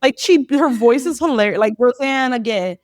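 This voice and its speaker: A woman's voice: a little high, lively intonation, normal speed, no room sound. Chatty woman podcast co-host, dry sound. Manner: chatty, many restarts and "like"s, laughs easily. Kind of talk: casual podcast chat.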